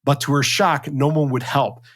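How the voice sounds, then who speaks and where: A man's voice: mid-range voice, steady tone, moderate pace, a bit bright. Indignant, sarcastic male podcast co-host. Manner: indignant, sarcastic storytelling with fillers. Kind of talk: casual chat.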